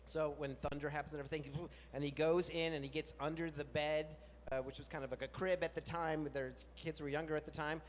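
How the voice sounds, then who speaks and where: A man hosts a live storytelling evening in a large music venue. His voice sits a bit high and he talks in a chatty, self-deprecating way. A long hall reverb and faint room noise trail every line. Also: little pitch movement, a little fast. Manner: chatty, self-mocking, jumps into high silly voices for quoted bits. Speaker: host.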